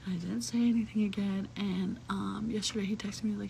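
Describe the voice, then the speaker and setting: A young adult woman telling a personal story in casual, chatty talk, full of "like" fillers, cursing, and hushed, whispery asides. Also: medium pitch, steady tone, a little fast, vocal fry, slight background noise, rough recording.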